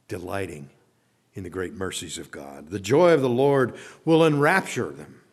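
A man preaching a sermon as pastor. He speaks earnestly, reads long scripture passages aloud, and lets his voice drop soft and low at the ends of phrases.

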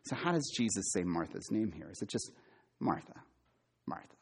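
A middle-aged man preaching a sermon, quizzing his listeners and repeating key words for emphasis, sometimes loud and sometimes hushed. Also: on the low side, sing-song, quick pace, gravelly, husky. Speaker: preacher, former campus minister.

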